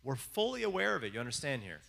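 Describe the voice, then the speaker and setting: Man, preacher, rambling, self-mocking, bright voice, reverberant hall. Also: mid-range voice, very animated, fast talker, creaky, slight background noise. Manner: rambling, self-mocking storytelling with many restarts. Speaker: pastor. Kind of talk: conversational sermon.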